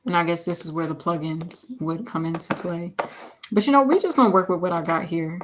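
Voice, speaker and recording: A woman's voice: lowish voice, fairly quick, a little hiss or hum. A woman singer chatting casually on a livestream while mixing her own vocals, laughing often and saying "like" a lot. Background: faint music playback.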